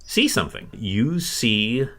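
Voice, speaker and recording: A man's voice: medium pitch, very animated, takes it slowly, a bit bright. A man narrating as game master of a tabletop fantasy game, with many hesitations and fillers.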